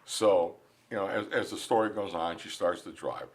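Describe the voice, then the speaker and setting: A man in a studio interview, earnestly telling a personal faith story with animated delivery and frequent repeated words as he restarts. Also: low-pitched, moderate pace. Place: recording studio.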